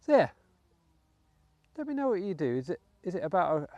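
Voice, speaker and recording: British bloke doing a metal detecting vlog outside, mellow voice, chatty, dry close sound. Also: male voice, high voice, sing-song, brisk, no room sound, dull audio. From United Kingdom. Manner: chatty, talks to viewers while working, muttering asides. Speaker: metal detecting channel host. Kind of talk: casual vlog commentary while digging. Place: outdoors in a wet field.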